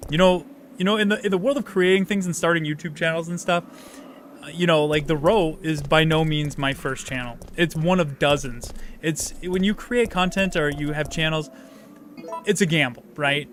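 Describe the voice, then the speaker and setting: A man's voice: a little high, moderate pace, a bit bright, a little hiss or hum. A man hosting a live game stream, chatting casually and rambling with offhand swearing. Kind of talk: casual live-stream chat while gaming.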